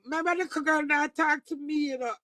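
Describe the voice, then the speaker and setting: A Jamaican woman delivering an impassioned, swearing livestream rant, breaking into shouts. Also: high-pitched, steady tone, brisk, no room sound.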